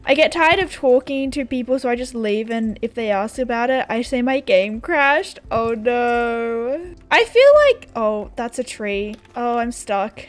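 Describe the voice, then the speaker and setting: A woman's voice: on the high side, unhurried. A young Australian woman chatting casually and sarcastically while playing a game, laughing often. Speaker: gaming YouTuber. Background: faint background music.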